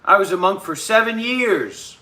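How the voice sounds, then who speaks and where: High, bright-voiced ranting man. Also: lively intonation, normal speed. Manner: combative, ranting. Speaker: live stream host. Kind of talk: ranting live stream talk.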